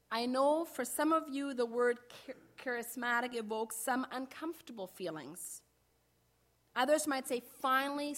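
A middle-aged woman pastor giving a sermon in a measured way, slowing down to stress key phrases. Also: on the high side, fairly bright tone.

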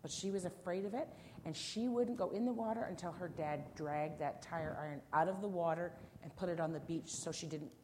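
A woman teacher talks with a class of children in a gentle way, asking questions and telling a story. Her voice sits a little low. The recording has clear background noise from the classroom. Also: brisk.

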